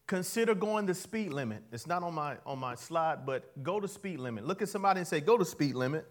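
Male pastor, bright high register, playful call-and-response preacher who swings between quiet asides and punchy declarations. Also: expressive, fairly quick. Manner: playful, laughs at his own jokes. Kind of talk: sermon.

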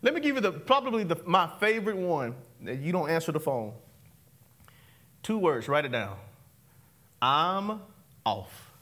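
High, bright-voiced preacher man. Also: very animated, unhurried, long pauses. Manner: call-and-response, laughing often, swings from loud to hushed. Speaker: pastor. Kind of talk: interactive sermon.

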